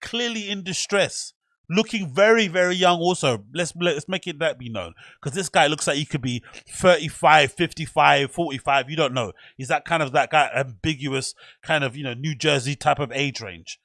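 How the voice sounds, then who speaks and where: A man's voice: on the high side, normal speed, a bit bright, no echo. A man hosting a reaction video, ranting bluntly and incredulously with plenty of swearing. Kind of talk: casual reaction commentary.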